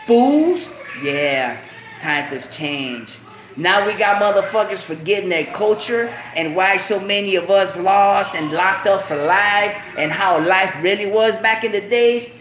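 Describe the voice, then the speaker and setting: A man's voice: sits high, unhurried, few pauses, fairly bright tone, slight background noise. Man, host, casual rant, profane street slang, repeats lines, echoey room. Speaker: show host.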